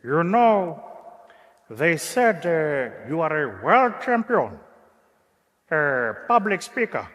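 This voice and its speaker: A South African man quoting a gentle, wise elderly statesman in a slow, measured, fatherly way. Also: fairly high pitch, very animated, exaggerated voice. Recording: echoey hall.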